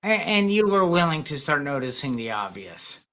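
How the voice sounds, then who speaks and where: A woman's voice: deep voice, big pitch swings, normal speed, a bit bright. A woman hosting a podcast in casual conversation, talking in loose, rambling sentences full of fillers and restarts. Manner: rambling, many restarts and fillers, acts out quoted dialogue. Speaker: podcast host. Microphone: podcast microphone.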